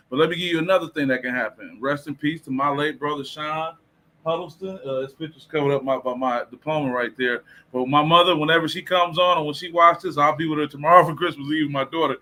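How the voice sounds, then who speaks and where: A man from Detroit hosting a livestream, giving a casual motivational talk on tone of voice in an animated way and reading out viewer comments. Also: fairly high pitch. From Detroit, USA. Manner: animated, preacher-like, reads viewer comments aloud.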